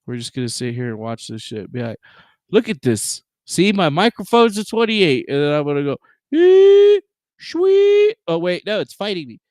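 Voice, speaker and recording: A man streaming from his home setup, ranting casually and profanely, swearing at his own software. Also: on the high side, lively intonation, fairly quick, dry recording, studio quality. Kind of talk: casual livestream rant. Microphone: desk microphone with noise gate.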